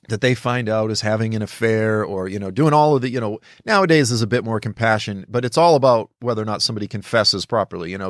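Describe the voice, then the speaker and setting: A man's voice: lowish voice, fairly bright tone, no room sound, clean studio sound. A middle-aged man from the United States giving impassioned political commentary, emphatic and preachy, raising his voice to act out quotes. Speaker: author and commentator.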